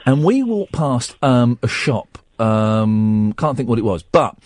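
A jokey radio host talking on a dry studio microphone. His pitch swings about a lot as he reads and riffs, and his voice is a touch husky. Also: sing-song, takes it slowly, a little mellow, no room sound. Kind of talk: casual late-night radio chat.

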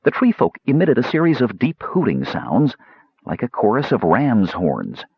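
A man reading fantasy fiction aloud as an audiobook narrator, steady storytelling with varied voices. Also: mid-range voice, moderate pace, breathy edge, no echo, lo-fi sound. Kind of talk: scripted narration.

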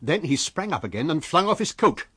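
A male audiobook narrator reads in an expressive, storytelling way, and his pitch rises and falls a lot. His voice has a slightly husky edge. The reading sounds close and dry, with no room around it. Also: fairly quick, no room sound. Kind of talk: scripted narration.

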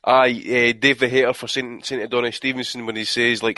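A man's voice: mid-range voice, little pitch movement, brisk, few pauses, pushed and bright, no room sound. A Scottish man chatting casually with friends, teasing them and stumbling over his starts. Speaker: podcast panelist. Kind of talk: casual chat.

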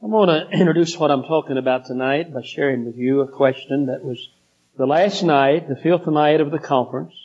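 A man preaching a sermon, slow and deliberate, building in intensity. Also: on the high side, darkish tone, slightly rough. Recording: dull lo-fi recording.

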